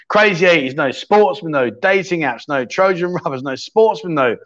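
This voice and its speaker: A man runs a quiz on his casual livestream, ribbing the people in the chat. His voice sits on the high side and leaps about with lively swings. The sound is dull and lo-fi, as from a streaming setup. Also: moderate pace, hardly any pauses. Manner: cheeky banter with viewers in chat. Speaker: livestream chat show host.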